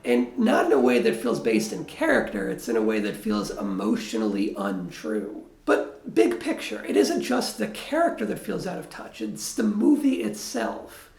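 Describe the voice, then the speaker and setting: A man's voice: high voice, wildly swooping pitch, normal speed, creaky, few pauses, a little mellow, roomy sound. A man giving a blunt, wry film review in a critical tone.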